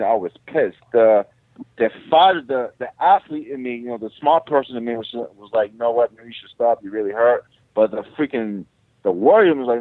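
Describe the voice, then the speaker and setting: A man who is a guest fighter, telling stories in an animated, profane, casual way. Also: mid-range voice, no room sound. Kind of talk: casual interview. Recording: tinny phone line.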